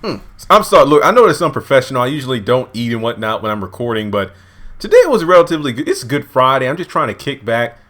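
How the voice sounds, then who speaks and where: A man casually recapping a TV episode at home, lively and acting out characters' lines in high voices. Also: fast talker. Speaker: TV show reviewer. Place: home, indoors.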